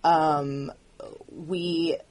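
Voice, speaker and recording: A woman who writes and produces the show, speaking candidly in an audio commentary with earnest, halting phrasing and frequent restarts. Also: deep voice, steady tone, darkish tone.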